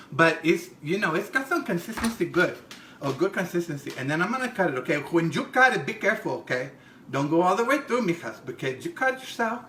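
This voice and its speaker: A man puts on a gossipy middle-aged home cook, her voice pitched up and swinging wildly between squeals and low mutters. She chats crudely while demonstrating a recipe, and her voice rings bright and sharp. The sound bounces around an echoey kitchen. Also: a little hiss or hum, heavily acted. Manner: gossipy, chatty, crude asides, giggly. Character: brassy middle-aged Mexican-American woman home cook. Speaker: cooking show host. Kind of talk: comedic cooking demonstration.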